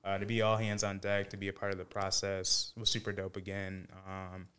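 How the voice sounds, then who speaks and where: A man co-hosting a podcast, giving a relaxed recap full of fillers in casual chat. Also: deep voice, fairly quick, clear, resonant tone. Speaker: podcast co-host.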